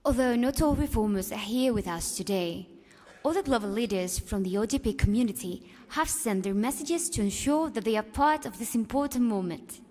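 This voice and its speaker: A woman's voice: on the high side, animated, normal speed, mellow. A woman hosting a conference on stage, making polished, formal announcements and introductions. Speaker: event host, emcee. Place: large conference hall stage. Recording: long hall reverb.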